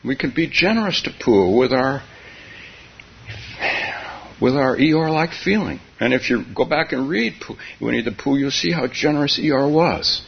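Gravelly, soft-spoken meditation teacher, man. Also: medium pitch. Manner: soft-spoken, halting, laughs often between phrases. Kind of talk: dharma talk. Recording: dull, slightly hissy recording.

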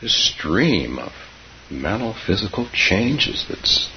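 A man in his seventies giving an unhurried, reflective dharma talk, laughing softly and dropping to whispers, in a muffled recording. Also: on the low side, big pitch swings, a little hiss or hum. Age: 70s. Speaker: meditation teacher.

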